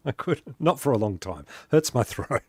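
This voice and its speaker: A man's voice: mid-range voice, big pitch swings, moderate pace, breathy edge, no room sound. An Australian man chatting casually on a live game stream, talking to viewers and laughing often. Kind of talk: casual gaming stream chat.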